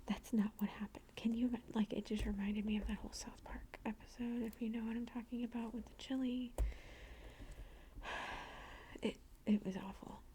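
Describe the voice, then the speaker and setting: A woman's voice: fairly high pitch, noisy background. A woman whispering a chatty ASMR ramble close to the microphone, full of "like" and "blah blah" asides. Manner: chatty storytelling, lots of "like" and "blah blah". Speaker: ASMR creator.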